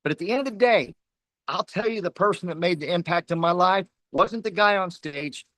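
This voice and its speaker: A man's voice: sits high, a little fast, fairly bright tone, dry recording. A man giving a fiery, preachy motivational pep talk to his team, hammering points with repetition. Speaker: team leader speaking at a company huddle.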